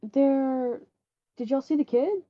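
A woman asks hesitant questions as a player in a tabletop game. She speaks slowly in a fairly high voice, through a dull, muffled microphone. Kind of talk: casual tabletop game chat. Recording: muffled lo-fi mic.

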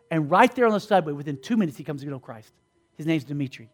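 Animated preacher man. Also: fairly high pitch, fast talker. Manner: animated, acts out dialogue in voices. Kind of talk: sermon storytelling.

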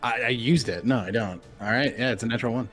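A man's voice: medium pitch, fast talker, fairly bright tone, faint music behind. A man playing a tabletop role-playing game as a guest, talking casually and swearing freely. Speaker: guest player.

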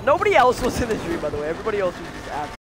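A young man telling a weird dream in casual podcast chat, excitable and full of "like". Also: high-pitched, very fast, background noise. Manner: excitable, lots of "like", laughing while telling. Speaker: podcast co-host.

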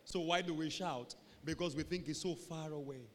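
A man preaching a sermon to a church, animated and dramatic, acting out little scenes and shouting for emphasis. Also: on the high side, moderate pace. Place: large church hall. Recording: long hall reverb.

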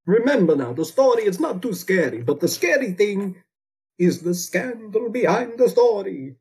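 A man's voice: high voice, very animated, moderate pace, darkish tone, rough recording. A man putting on a pompous, melodramatic vampire count for a comedy podcast, speaking over a remote computer call. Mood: grandiose. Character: theatrical male vampire count, grandiose and bossy. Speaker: guest. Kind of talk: comedic podcast role-play.

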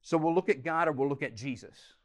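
A man preaching a teaching sermon, animated, swinging from loud emphasis to quiet, intense moments. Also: a little high, brisk. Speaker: pastor.

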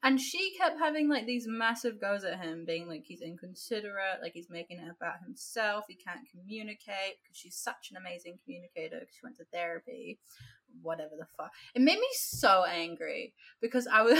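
A woman's voice: medium pitch, lively intonation, brisk, fairly bright tone. Chatty Australian woman ranting about a book. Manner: chatty, heavy use of "like", ranting. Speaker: podcast co-host. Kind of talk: casual book chat.

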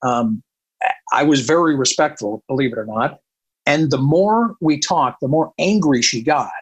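A man's voice: medium pitch, moderate pace, breathy edge, poor audio. A man who works as a country radio programmer, telling a long anecdote in casual talk and acting out the dialogue. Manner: animated, quotes people in dialogue.

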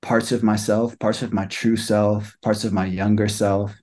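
A young man sharing a personal healing experience in a soft, halting way, with many pauses and fillers. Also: fairly low pitch, flat delivery.

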